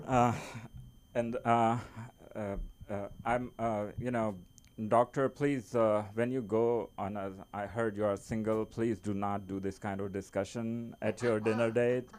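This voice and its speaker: A man who is not a native English speaker doing an open mic stand-up set in a small comedy club, halting, with many fillers and restarts. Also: fairly low pitch, fairly even intonation, crowd noise.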